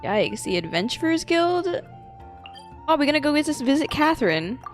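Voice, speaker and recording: Giggly animated woman streamer. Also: high-pitched, moderate pace, over music. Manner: giggly, playful and teasing. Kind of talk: casual gameplay commentary.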